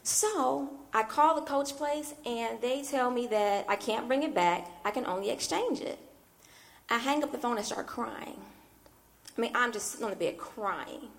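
A woman minister tells a personal story from the pulpit, her fairly high voice carrying a gravelly fry. She preaches in an animated storytelling way and keeps cutting in with "I mean" asides. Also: moderate pace. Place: church.

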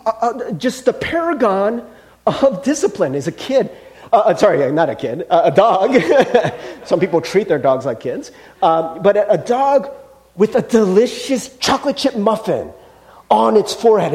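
A male pastor preaches in an animated way, acting out little scenes as he goes. His voice sits high for a man and leaps through a wide range, and he keeps asking his listeners questions. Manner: asks the listeners questions often. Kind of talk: sermon.

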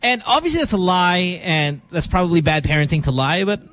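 A man in his thirties hosts a radio morning show into a studio microphone, his voice sitting high, bright, and very animated at a slightly quick clip. He rambles casually, mocks himself, and chuckles often.

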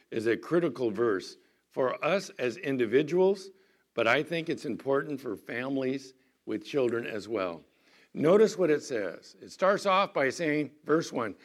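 A middle-aged man giving a sermon as a pastor, moving between quiet talk and loud, emphatic pleading. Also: mid-range voice.

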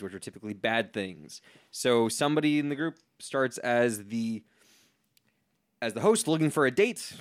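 Male podcast co-host, laid-back explainer, smooth and dry. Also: medium pitch, dry recording. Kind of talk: casual chat.

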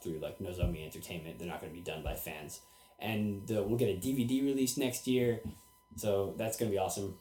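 Podcast host dude, animated, laughs a lot, kinda mellow, echoey room. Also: male voice, low voice. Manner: animated, acts out quotes, laughs often. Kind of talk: casual podcast chat. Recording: roomy echo.

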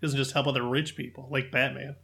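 A man co-hosting a podcast, recapping a movie plot in halting starts and dry jokes. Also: medium pitch, flat delivery, vocal fry, bright, forceful tone. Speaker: podcast co-host. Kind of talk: casual movie review chat.

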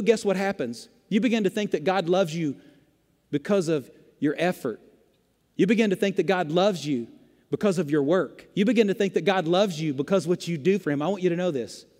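A male pastor with a notably high voice delivers an emphatic sermon, driving points home with rhetorical questions and repetition. His voice rings out with a long reverb from a large church sanctuary. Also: darkish tone.

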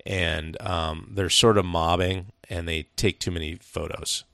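A man's voice: deep voice, fairly even intonation, unhurried, gravelly, a bit bright, dry recording, clean studio sound. A man from Seattle co-hosting a podcast, talking casually with an emphatic, profane, opinionated manner. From Seattle, USA. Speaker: podcast co-host. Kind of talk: casual chat.

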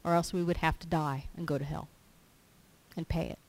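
This woman's deep, darkish voice holds a steady tone at normal speed while she delivers a sermon over poor audio. She reads scripture aloud, explains it, and sometimes voices quoted complainers in character.

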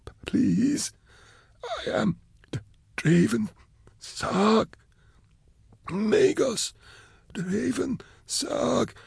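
Stammering broken old prisoner. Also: male voice, high-pitched, lively intonation, very slow, creaky, long pauses, breathy edge, voice pushed up, full character voice. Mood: pleading. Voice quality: stuttering, strained, whispery.

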